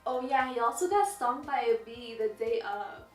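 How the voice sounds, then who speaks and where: A young woman vlogger telling an engagement story in casual chat, animated and laughing as she talks. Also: on the high side, moderate pace. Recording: roomy, distant, with music.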